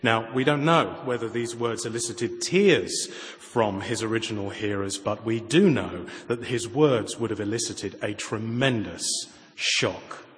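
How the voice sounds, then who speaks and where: A man preaching a sermon, moving from raised, emphatic lines to quiet, intimate asides and pointed rhetorical questions. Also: fairly low pitch, a little slow. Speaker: pastor. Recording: long reverb of a large hall.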